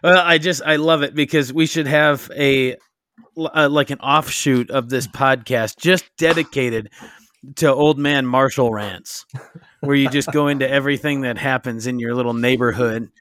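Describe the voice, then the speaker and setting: A man's voice: medium pitch, fairly even intonation, moderate pace, fairly bright tone, no room sound. A man co-hosting a podcast in casual chat, easygoing and teasing, with lots of short agreements. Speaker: podcast co-host.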